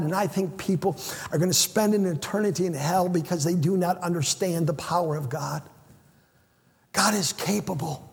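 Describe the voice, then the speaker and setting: Male preacher, husky, high voice, emphatic sermon delivery in a hall with long echo. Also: normal speed. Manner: emphatic, swings between hushed and shouted; repeats phrases for stress. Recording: echoey hall with long reverb.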